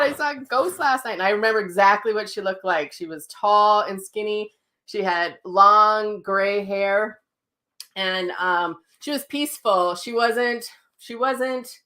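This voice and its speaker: Chatty woman telling a story in a live class. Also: mid-range voice. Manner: chatty, animated, laughs while telling stories; reads out and answers viewer comments. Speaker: psychic medium teaching an online class. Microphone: livestream mic, sound sometimes cutting out.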